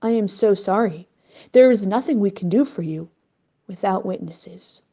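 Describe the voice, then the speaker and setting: A woman's voice: medium pitch, normal speed, warm tone, husky. A woman voicing a sympathetic elderly chief judge who speaks in a solemn, consoling way. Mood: regretful.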